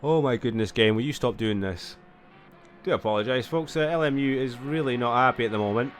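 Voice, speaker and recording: A man giving live sim racing commentary, chatty and apologetic, tired and yawning, with sudden excited yelps. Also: medium pitch, fairly quick, a little hiss or hum. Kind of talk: live esports race commentary.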